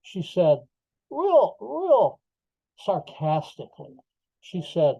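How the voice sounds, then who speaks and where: A man's voice: fairly high pitch, moderate pace, no echo. Emphatic older man telling a story. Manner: emphatic, animated retelling with rhetorical asides. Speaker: guest. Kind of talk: interview storytelling. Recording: slightly dull lo-fi audio.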